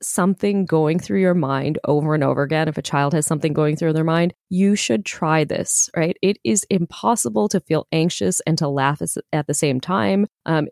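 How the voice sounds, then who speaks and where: Earnest low-voiced woman, dry sound. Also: darkish tone, no room sound. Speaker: guest sharing self-compassion techniques. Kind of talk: casual conversational explanation.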